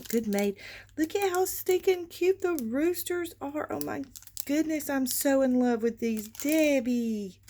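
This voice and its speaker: A woman hosts a casual craft vlog, and her slightly raised voice gushes over each new item. She speaks slowly and unhurriedly, with gasps and delighted exclamations, calling her viewers y'all. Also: fairly high pitch, slight background noise. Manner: gushing, excitable, frequent gasps and exclamations. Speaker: craft channel host. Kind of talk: casual show-and-tell vlog.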